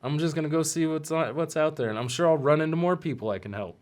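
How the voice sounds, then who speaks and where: A man's voice: a little high, fast, a little mellow. Earnest, emotional male podcast host. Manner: earnest and emotional, often choked up. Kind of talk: heartfelt personal monologue.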